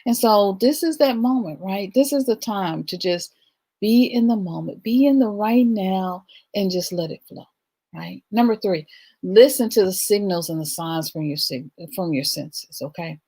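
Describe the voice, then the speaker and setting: A woman's voice: medium pitch, moderate pace, dark tone, breathy edge. A middle-aged woman hosting a livestream, giving an emphatic spiritual talk and often asking "right?". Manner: emphatic, rhythmic, repeats "right?". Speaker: livestream host. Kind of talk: spiritual talk to a live audience.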